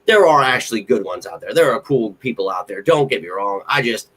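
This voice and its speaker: A man's voice: on the low side, brisk, husky. Young guy from central PA on his live stream, rambles, gets hyped, cusses a lot. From central Pennsylvania. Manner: excitable, rambling, swears freely. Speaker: podcast host. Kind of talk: casual live-stream chat.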